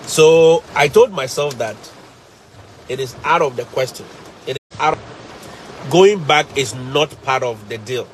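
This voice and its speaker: A man with a Ghanaian English accent, a teacher by profession, tells stories casually to a live audience, emphatic and animated, with phrases repeated for effect. His pitch is medium and his pace measured, with frequent pauses and slight background noise.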